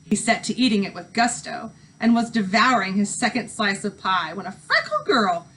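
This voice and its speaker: Expressive woman reading a story aloud. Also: mid-range voice, moderate pace, a little hiss or hum, low-quality recording. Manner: expressive read-aloud narration.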